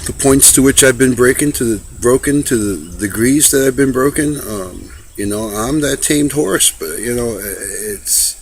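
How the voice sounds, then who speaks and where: A man's voice: medium pitch, measured pace, few pauses, slight background noise. A man speaking an earnest personal message to a friend, impassioned and preachy, often repeating himself.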